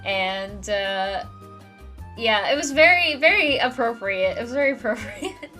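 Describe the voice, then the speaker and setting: A young woman hosts a casual chat stream. Her voice is high and bright, and she rambles and giggles often. Soft music plays underneath. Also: lively intonation, unhurried. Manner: giggly, rambling, frequent laughter.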